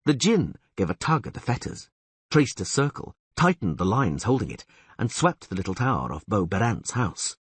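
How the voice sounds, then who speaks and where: A man reading an audiobook aloud in a lively storytelling way, with a husky voice. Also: on the low side, normal speed, no room sound. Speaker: audiobook narrator. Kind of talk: scripted audiobook narration.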